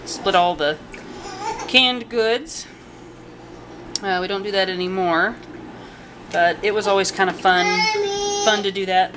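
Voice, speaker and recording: A woman's voice: mid-range voice, animated, measured pace, long pauses. A woman casually chatting through a home cooking vlog in her kitchen, rambling with fillers and asides. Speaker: home cook and channel host. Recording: home video with noticeable background noise.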